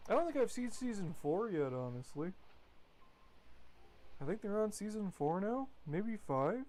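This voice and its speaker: A man's voice: high voice, big pitch swings, measured pace, a little mellow. A man rambling casually while commentating his gameplay, chatty and swearing now and then. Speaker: gaming streamer.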